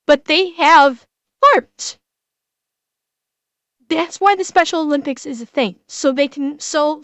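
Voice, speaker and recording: A woman streamer giving a casual reaction commentary, earnest and emotional, talking in halting bursts full of restarts and repeated words. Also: sits high, no echo.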